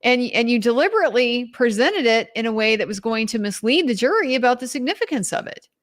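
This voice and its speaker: A woman's voice: on the high side, lively intonation, fast talker. A young woman commenting on a trial in a casual recap, incredulous and emphatic, reading out quotes as she goes. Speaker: legal commentator.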